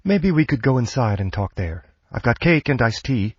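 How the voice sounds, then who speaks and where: A man voicing a brisk, practical young American woman in an audiobook. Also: mid-range voice, sing-song, breathy edge, no room sound, highs cut off, voice pushed up. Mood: urgent.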